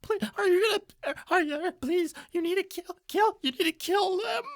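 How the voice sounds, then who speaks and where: A man voicing a cowering male coward who begs in a high, panicky whine. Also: moderate pace. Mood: pleading. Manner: whiny, panicky begging.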